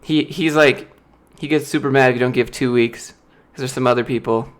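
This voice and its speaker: A young man from the United States talks loosely into a desk mic on a home livestream. His voice sits at a middle pitch, and he keeps an easy, rambling delivery full of "like" and quick laughs. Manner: animated storyteller, mimics other people's voices in anecdotes; chatty, laughs often, frequent filler words. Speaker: YouTuber answering live chat questions. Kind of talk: casual livestream Q&A.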